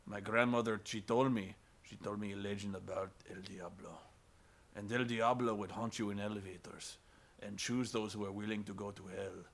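A man doing a grave, hushed security guard. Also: lowish voice, fairly even intonation, moderate pace, gravelly, pitched below the performer's own voice. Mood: ominous.

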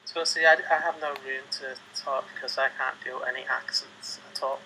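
A man's voice: medium pitch, steady tone, moderate pace, sharp tone, slight background noise, rough recording. A man hosting a gaming channel, chatting casually over gameplay, hesitant with many fillers and restarts.

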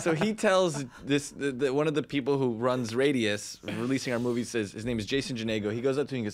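A man's voice: medium pitch, quick pace, hardly any pauses. A man guest telling a casual story, mimicking the people in it. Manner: lively, mimics other people in anecdotes. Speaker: filmmaker guest.

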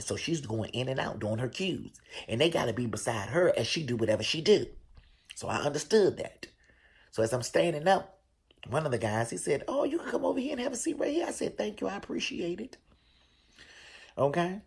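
Brief: DC-male host, husky, gravelly storyteller with big swings in pitch. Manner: animated, profane storytelling with loud, high bursts. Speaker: show host. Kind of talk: casual storytelling.

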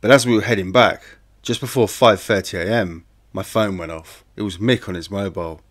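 Low-voiced man narrating true crime. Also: brisk. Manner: plain, conversational storytelling. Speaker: audiobook narrator. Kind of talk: first-person true-crime audiobook narration.

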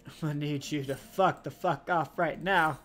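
A man giving live gameplay commentary on his match, ranting with a steady stream of profanity and exasperation. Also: on the high side, moderate pace, soft background music.

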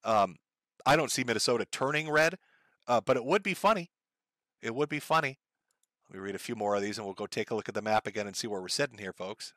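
A man's voice: fairly low pitch, fast talker, a bit bright, no echo. A man ranting profanely and sardonically on a casual live stream, reading out viewer donations from his home computer setup on a close desk mic.

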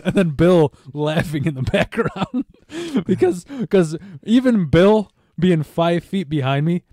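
A man's voice: high voice, big pitch swings, slow pace, hardly any pauses, a little mellow, dry recording, studio quality. A man hosting a podcast, telling a story in loose casual chat, swearing often and stammering through restarts. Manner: rambling, profane, stammers and restarts. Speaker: podcast host.

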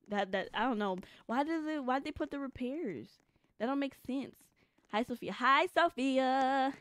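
A woman's voice: medium pitch, a bit bright. A young woman streaming a game live, rambling and joking casually with her chat, with lots of filler words. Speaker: gaming streamer.

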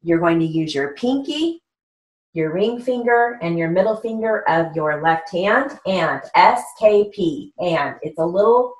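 A woman teaching a stenography lesson, dictating short phrases slowly and spelling out letters, checking in with an occasional "okay?". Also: lowish voice. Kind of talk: slow, deliberate dictation lesson.

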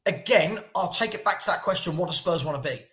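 A man's voice: high-pitched, animated, fast, fairly bright tone, reverberant. A man co-hosting a casual football debate, blunt and passionate, repeating himself when heated. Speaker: football podcast co-host.

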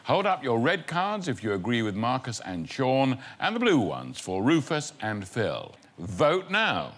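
A man hosting a comedy panel show, presenting briskly with dry scripted quips. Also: medium pitch, huge pitch swings, fairly bright tone. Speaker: host. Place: TV studio with audience.

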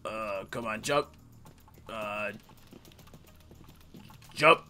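Bright-voiced, foul-mouthed gamer guy. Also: fairly low pitch, very slow. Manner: profane, excitable, trash-talking the game. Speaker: let's play host. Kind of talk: casual gameplay commentary.

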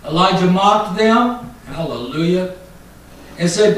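A high-voiced, bright-toned male preacher delivering a fiery sermon. He swings between loud, mocking shouts and low, intense warnings. The sound is very echoey and comes from a distance across a church hall. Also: moderate pace.

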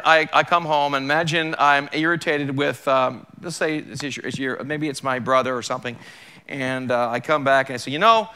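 A man's voice: mid-range voice, sharp tone. A male pastor giving a sermon in a church, talking conversationally and with emphasis, using plenty of rhetorical questions.

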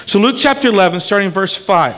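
A man's voice: sits high, expressive, fast talker, fairly bright tone, slight background noise. A man preaching a sermon as pastor, emphatic and often checking in with the congregation. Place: church sanctuary. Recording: long hall reverb in a church.

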